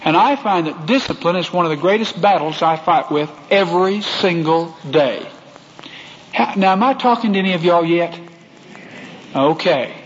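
A Texan man preaching a storytelling sermon, folksy and talking straight to the people in the pews. His voice sits a little high for a man. It carries a long reverb through a big hall, on a slightly dull recording with faint hiss underneath. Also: fairly bright tone. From Texas. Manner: folksy, addresses the congregation directly.

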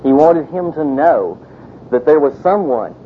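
A man's voice: very animated, a little slow. A man preaching a sermon in a casual storytelling way, full of "you know" asides. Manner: conversational, many fillers, storytelling. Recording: tinny phone-like sound with vehicle rumble.

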